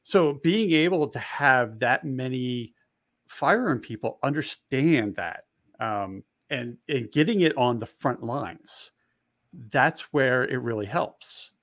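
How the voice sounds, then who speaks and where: A man's voice: medium pitch, animated, slow, a bit bright, no room sound, clean studio sound. A man who is a firearms dealer, talking in a casual, rambling way in a podcast conversation and often correcting himself.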